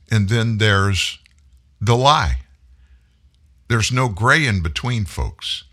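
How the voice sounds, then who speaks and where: A man's voice: on the low side, sharp tone. A man hosting a talk show, delivering a folksy, emphatic political commentary monologue. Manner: folksy, emphatic, preachy, addresses listeners as folks.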